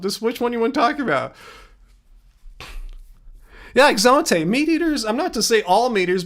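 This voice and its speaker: Blunt, high-voiced male streamer. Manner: blunt, exasperated with trolls. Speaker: livestream host. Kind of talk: casual livestream chat.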